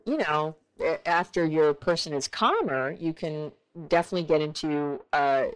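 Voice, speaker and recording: A woman in her forties, a therapist hosting a relationship advice podcast, talking animatedly and acting out bits of dialogue. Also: rough recording. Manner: animated, acts out quoted dialogue with big pitch jumps.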